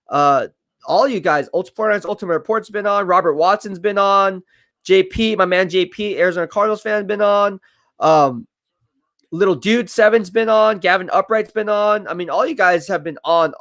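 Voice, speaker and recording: A man's voice: high voice, fairly bright tone, no room sound, studio quality. A man hosting a live stream, casually thanking viewers by name with lots of fillers. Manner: thankful, reads out viewer names with many fillers.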